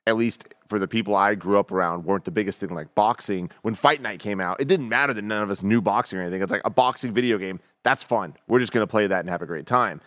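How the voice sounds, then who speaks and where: A man with a lowish voice co-hosts a podcast, easing into questions with "like" and "you know". The sound is dry and close to the mic. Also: quick pace, few pauses, fairly bright tone, dry recording. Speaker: podcast co-host. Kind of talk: casual chat.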